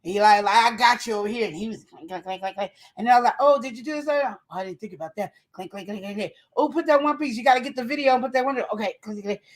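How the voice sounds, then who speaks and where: A woman co-host chatting, animated and full of acted-out quotes and sound effects. Her voice sits a little higher than most women's. She keeps the talk casual and playful. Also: racing, hardly any pauses. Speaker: podcast co-host. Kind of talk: casual chat.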